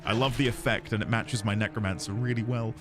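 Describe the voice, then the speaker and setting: A man's voice: lowish voice, steady tone, fast talker, music in the background. A man with a British accent chatting casually while streaming a game, rambling through explanations and amused at himself. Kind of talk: casual gameplay chat.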